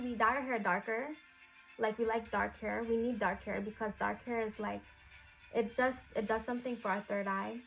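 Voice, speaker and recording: In a medium-pitched, gravelly voice, a woman plays a psychic priestess teaching a magic class in an improvised role-play. She rambles with many fillers in a mystical tone.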